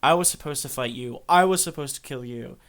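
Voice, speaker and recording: Man putting on a loud brash teen brawler boy, aggrieved, ranting, clear voice. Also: mid-range voice, brisk, lightly acted. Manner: shouting, aggrieved.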